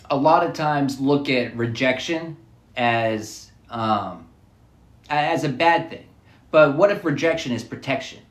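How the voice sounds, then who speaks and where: A man's voice: a little high, reverberant. A man musing through a rambling, repetitive spiritual monologue, looping back over his phrases as he thinks aloud.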